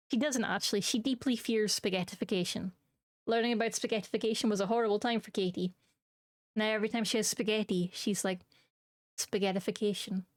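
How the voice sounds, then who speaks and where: Chatting casually with her viewers on a live stream, a woman jokes and laughs often in a playful, giggly, silly way. Her medium-pitched voice moves a little fast with frequent pauses, captured at studio quality with no room sound.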